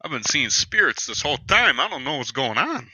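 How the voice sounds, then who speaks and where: A man voicing a rambling, evasive mob contractor who is high on acid, in a tabletop role-play, with hesitant speech full of uhs. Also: big pitch swings, fairly quick, sharp tone, slightly rough, dry recording, full character voice, rough recording.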